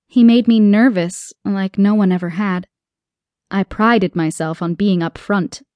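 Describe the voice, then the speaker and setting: A woman narrating a first-person romance audiobook with intimate, expressive storytelling. Her voice is mellow and warm, with a mid-range pitch. It is recorded dry and close in a booth. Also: no room sound.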